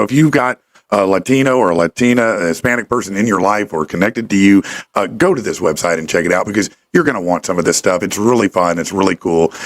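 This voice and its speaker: A man hosting a casual interview, joking and laughing often. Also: on the low side. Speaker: show host.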